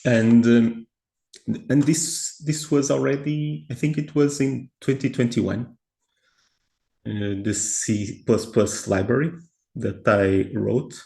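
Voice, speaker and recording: A man's voice: medium pitch, steady tone, slow pace, gravelly, mellow. Hesitant man presenting on a call. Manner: hesitant, many fillers and restarts. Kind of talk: online meeting presentation. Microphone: video call.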